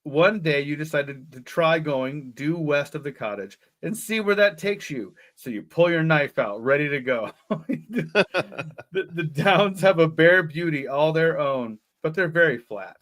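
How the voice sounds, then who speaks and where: A man's voice: on the high side, lively intonation, unhurried, a bit bright. A middle-aged man co-hosting a live podcast, reading an adventure gamebook aloud with frequent jokes and laughter. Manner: jokey, laughs often, ad-libs. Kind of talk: comedic live read-along.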